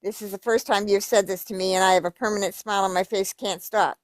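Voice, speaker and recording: A woman's voice: medium pitch, steady tone, fast, no echo. Woman, reads emails aloud, cuts in with blunt cursing asides, dry close sound. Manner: blunt, profane asides between readings. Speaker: YouTube commentator. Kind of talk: reading emails aloud with commentary.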